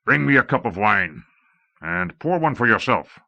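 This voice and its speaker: A man voicing a gruff old lord commander who growls out commands, on a dull old tape. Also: medium pitch, very animated, moderate pace, sharp tone, pitched above the performer's own voice, heavily acted.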